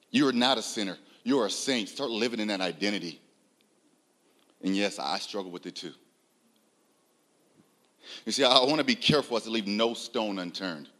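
A man preaching a sermon, emphatic, swinging from loud, raised lines to low, quiet ones and asking the audience rhetorical questions. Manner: emphatic, rising loud on key lines, drops low and soft.

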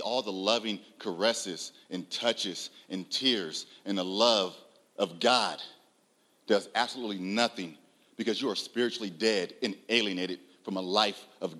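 A man delivering a sermon in a bright, ringing voice. He swings between loud, raised declarations and quiet, low asides, and keeps asking his listeners questions. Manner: emphatic, rising loud on key lines, drops low and soft; uses rhetorical questions and audience address. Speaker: preacher.

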